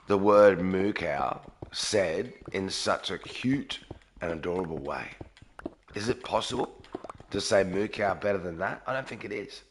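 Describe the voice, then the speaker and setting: A man live-streaming a game early in the morning from a garage, talking quietly and sleepily while reading out chat. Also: deep voice, slight background noise. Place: garage with echo.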